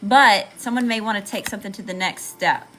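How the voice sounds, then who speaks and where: A woman's voice: medium pitch, fairly quick, a bit bright, faint music behind, rough recording. A woman with a Southern US accent giving a chatty, slangy live tarot reading to viewers, calling them y'all. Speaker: tarot reader.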